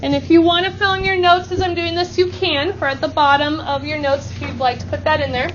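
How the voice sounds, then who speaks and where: High-voiced woman teaching a math class. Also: normal speed, fairly bright tone, lo-fi sound, a little hiss or hum. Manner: upbeat, leads call-and-response chants. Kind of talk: classroom instruction.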